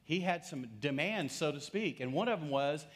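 A preaching pastor in his fifties tells a story from the pulpit. He talks in a lively, conversational way, often restarting his sentences. His voice sits a little higher than most men's. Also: normal speed. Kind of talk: sermon storytelling.

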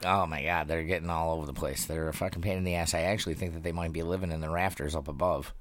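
A man's voice: sits low, steady tone, fast, a bit bright, dry recording. A man co-hosting a casual podcast, laid-back and swearing, laughing often. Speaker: podcast co-host, bar owner. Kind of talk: casual chat.

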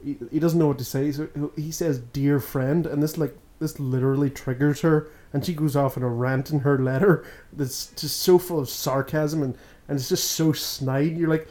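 A man's voice: on the high side, fairly even intonation, moderate pace, darkish tone. A man guesting on a casual podcast, chatty and laughing through his stories. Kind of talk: casual chat.

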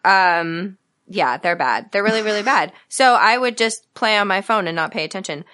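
A woman's voice: medium pitch, expressive, moderate pace, pushed and bright. A woman co-hosting a podcast, chatting casually and hesitantly with frequent ums. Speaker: podcast co-host. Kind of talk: casual chat.

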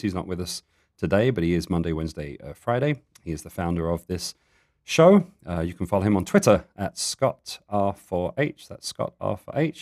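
A man's voice: fairly low pitch, darkish tone. An American man hosting a live call-in Bible question show, chatty and laughing easily as he talks his listeners through how to reach the program. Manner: chatty, laughs easily, plain friendly delivery.

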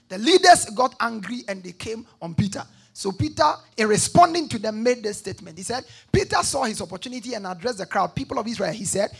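A man preaches a sermon in a very high, gravelly voice with a husky edge. He reads scripture aloud, calls on the congregation to repeat after him, and rises to shouts at the peaks. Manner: call-and-response, shouting at peaks.

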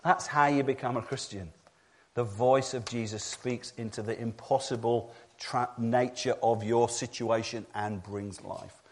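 A man preaching a sermon to a church congregation, dropping to hushed low passages and rising to loud emphatic peaks, often repeating key phrases. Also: fairly even intonation, measured pace. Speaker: pastor.

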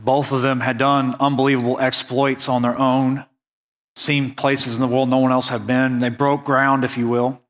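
A man from the United States preaching a sermon, earnest and conversational, slowing down to stress key points. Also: medium pitch, level tone. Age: adult, went on a mission trip after high school. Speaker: pastor.

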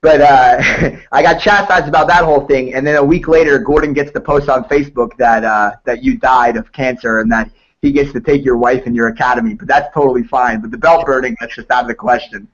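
A man's voice: medium pitch, steady tone, a little fast, muffled recording. A man, a jiu-jitsu instructor, chatting casually on a podcast and telling stories with frequent laughter. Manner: laughing, rambling storyteller.

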